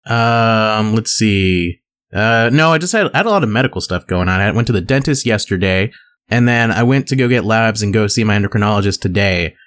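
A man co-hosting a podcast, chatting casually with a laid-back, deadpan manner and frequent laughs. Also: fairly low pitch, fairly quick. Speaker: podcast co-host.

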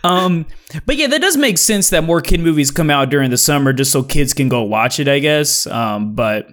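Young male podcast co-host, higher-pitched, playful and jokey. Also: normal speed. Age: young adult. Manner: animated, jokey, mimics others in high voices. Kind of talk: casual chat.

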